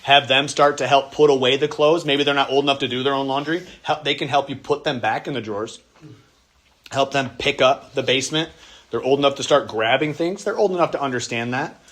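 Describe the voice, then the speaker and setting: A man's voice: mid-range voice, fairly quick, a bit bright. A man, a pastor, teaching a church workshop on parenting in a casual, conversational way, now and then acting out the voices of kids and parents.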